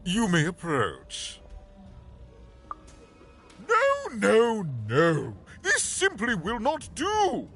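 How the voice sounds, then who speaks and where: An actor playing a haughty, pompous duke in a video game who barks commands and takes offense at bad manners. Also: male voice, high voice, huge pitch swings, drawn-out words, long pauses, a bit bright, soft background music, full character voice. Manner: imperious, indignant, commanding. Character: haughty pompous male duke, demanding formality.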